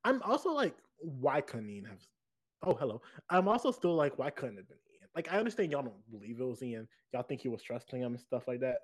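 Podcast co-host, husky, lively pitch, expressive casual chat. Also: fairly quick. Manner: expressive, laughs often, emphatic.

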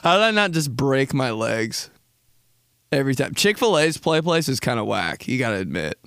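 This podcast host tells rambling, comedic stories in crude, casual language and laughs a lot. His mid-range voice is very animated, fairly bright, clear and resonant, at normal speed, recorded in a clean studio with no echo.

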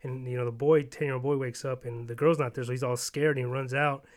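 A man's voice: mid-range voice, flat delivery, quick pace. A man in casual chat, rambling and swearing as he retells stories and acts out bits of dialogue. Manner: rambling, profane, acts out quoted voices.

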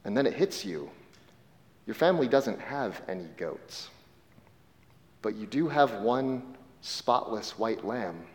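A man's voice: medium pitch, expressive. Male pastor telling a story in a hall. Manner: vivid storyteller, dropping soft and slow at key moments. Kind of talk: sermon told as second-person story. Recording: long reverb of a large hall.

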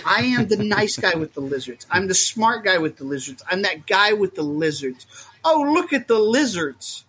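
A man talking as a guest in a casual podcast chat, rambling and animated, often acting out what others say. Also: high-pitched, moderate pace, husky. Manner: rambling and animated, acts out quotes. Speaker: guest, reptile keeper.

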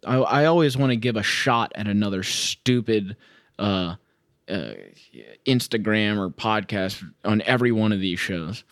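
Unhurried and fairly low-pitched, this young solo podcaster swears and vents sarcastically as he watches a game from home, clearly exasperated. The recording is dry and sounds like a clean studio.

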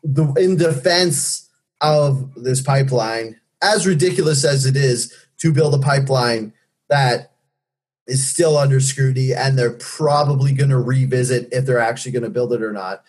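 A man's voice: mid-range voice, darkish tone, husky. A man co-hosting a casual podcast chat, rambling and sarcastic, swearing freely. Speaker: podcast co-host.

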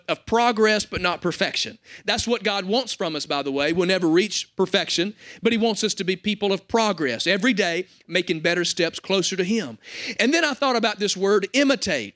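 A man's voice: sits high, fairly bright tone. A young adult man pastor preaching a sermon to his congregation, conversational and joking.

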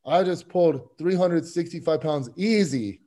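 A man as a podcast guest, telling a story in an animated, excitable way with many restarts. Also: a little high, measured pace. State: getting emotional. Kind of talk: casual chat.

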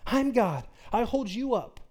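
A pastor voicing a loving, patient male God who gently and incredulously reassures a struggling believer. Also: very animated, a little slow, full character voice. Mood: reassuring. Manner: incredulous, reassuring, raised pitch.

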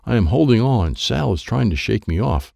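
A man narrating a children's chapter book in an animated, playful way, voicing the sound effects himself. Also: fairly low pitch, moderate pace, creaky, no echo. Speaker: audiobook narrator.

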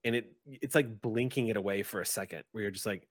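A man's voice: lowish voice, fast talker, no echo, clean studio sound. A man running a tabletop game, describing scenes and speaking to players, rambling with restarts. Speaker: game master.

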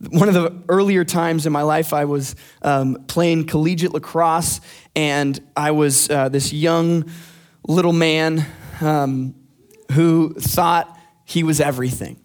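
Young male youth pastor, joking. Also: fairly high pitch. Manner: friendly, joking asides to the congregation. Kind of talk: casual sermon.

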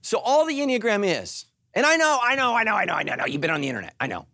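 Middle-aged male preacher, high lively voice, joking sermon, dry close sound. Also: rapid-fire, dry recording. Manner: animated, joking, puts on voices for quotes. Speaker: pastor.

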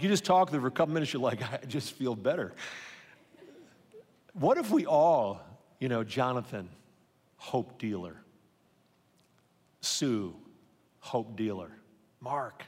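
Middle-aged male pastor, earnest storytelling preacher, mid pitch, live church hall reverb. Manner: earnest, personal storytelling with many restarts. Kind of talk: sermon.

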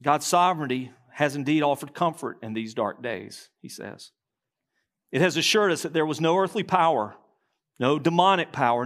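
A man preaching a sermon as pastor, reading quotations aloud, slowing and dropping low at key lines. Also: a bit bright.

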